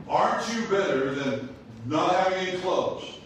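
A man's voice: high voice, expressive, measured pace, slight background noise. An older man from South Africa with a South African accent, preaching a sermon full of rhetorical questions and humorous asides. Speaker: pastor. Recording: echoey hall, voice from a distance.

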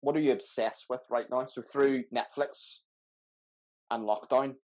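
A man's voice: mid-range voice, steady tone, measured pace, a little mellow. A man hosting a podcast, joking and rambling in loose casual chat. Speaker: podcast host.

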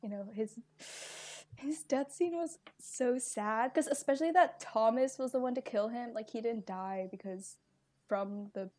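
A woman's voice: on the high side, measured pace, warm tone. A young American woman in casual chat about books, gushing with lots of fillers. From United States. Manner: gushing, many fillers and laughs.

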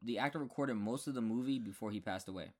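A man's voice: medium pitch, fast, darkish tone. A man co-hosting a podcast in casual conversation. He reads out trivia facts and fills the gaps with ums and let's-sees. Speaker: podcast co-host. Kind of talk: casual chat.

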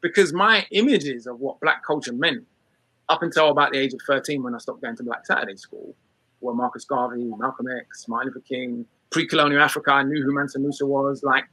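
A young adult British man from England, giving a talk to an audience about race and class in an emphatic, quick manner with frequent restarts. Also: mid-range voice, bright, forceful tone, no echo, low-quality recording. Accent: British English. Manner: fast, emphatic, many restarts.

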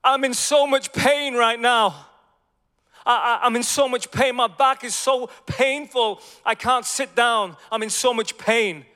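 A preacher putting on a woman in pain, pleading slowly in a high, strained voice. The sound rings through a long, echoing hall. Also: sharp tone, smooth, exaggerated voice.

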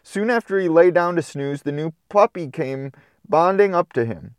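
A man's voice: on the high side, moderate pace, clear, resonant tone, dry recording. A man reading a children's storybook aloud, breaking off for chatty, playful commentary. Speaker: storybook reader. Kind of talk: casual read-aloud with commentary.

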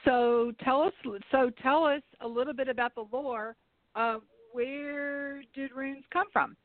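A woman hosts a radio interview and keeps her turns to brief questions that prompt her guest. Her voice sits somewhat high. It comes through a tinny, phone-like line with a dry sound. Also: steady tone, unhurried, no echo. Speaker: radio host.

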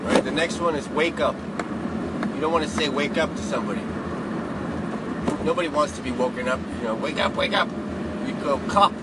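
A man's voice: medium pitch, fairly quick, pauses often. A man in his fifties talking casually while driving, playfully chanting word games. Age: 50s. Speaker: podcast host. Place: car with the window open. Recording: loud wind and road noise. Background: wind and traffic noise.

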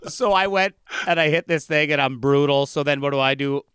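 A man spins a rambling comic story in casual podcast chat. His voice is bright and crisply clear, and the sound is dry and close with no room echo. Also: a little high, brisk. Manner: rambling, animated storytelling with restarts. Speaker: comedian guest.

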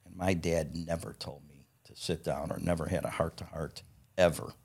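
Blunt, profane man with a husky low voice. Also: steady tone, moderate pace, darkish tone. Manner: blunt, profane, laughs while telling stories. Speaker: guest, parts company founder. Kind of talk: casual storytelling interview.

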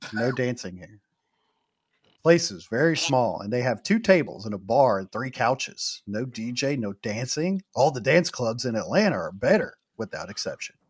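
A man, a podcast co-host reading reviews aloud with lively emphasis in casual chat. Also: medium pitch, moderate pace, slightly rough.

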